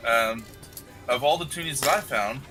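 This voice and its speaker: A man's voice: medium pitch, normal speed, music in the background, poor audio. A man hosting a casual livestream chat who explains figures methodically and jokes about himself. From Canada. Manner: explains numbers methodically, self-deprecating. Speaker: host.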